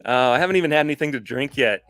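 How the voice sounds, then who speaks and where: A man's voice: medium pitch, animated, rapid-fire, a bit bright, clear, resonant tone, no echo, soft background music. A man hosting a podcast live stream, chatting casually with his viewers in a rambling way, often correcting himself, and openly tired. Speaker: podcast host.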